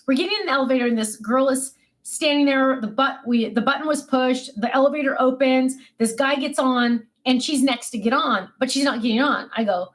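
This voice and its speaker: A chatty woman with a slightly high voice hosts a relaxed livestream from her desk. She rambles happily and pokes fun at herself as she answers her viewers. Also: brisk. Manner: chatty, self-mocking, warm replies to viewers. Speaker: livestream host. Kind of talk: casual chat reading viewer comments. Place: home desk.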